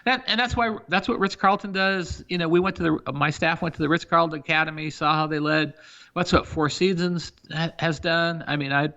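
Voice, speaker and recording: A middle-aged man speaks as a business leader in a podcast interview, his voice gravelly with a bright, forceful edge. He pushes his points with energy and stacks example after example. The audio is a bit dull and lo-fi. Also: fairly high pitch, brisk. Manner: energetic, emphatic, talks through examples. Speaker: senior living company CEO, guest.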